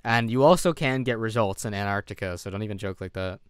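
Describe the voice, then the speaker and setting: A man's voice: lowish voice, quick pace, clean tone, no room sound, clean studio sound. A man streaming from home, thinking aloud as he plays, second-guessing himself and sounding tired. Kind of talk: casual live-stream commentary while gaming.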